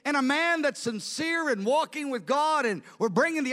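A pastor, a man, preaching a fast, fervent Bible-teaching sermon to his church. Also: very high-pitched, expressive, a bit bright, in a large hall.

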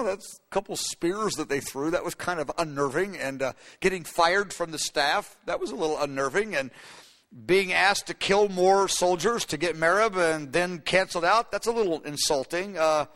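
Pastor guy preaching, high bright voice, long hall echo, acts out the bible people. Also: lively intonation, moderate pace. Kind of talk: sermon.

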